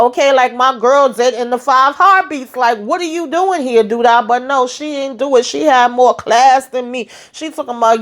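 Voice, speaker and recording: A woman hosting a casual TV episode recap, animated and exasperated, with slangy asides, acting out the characters' lines as she retells scenes. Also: on the high side, normal speed, few pauses. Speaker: TV show recap host.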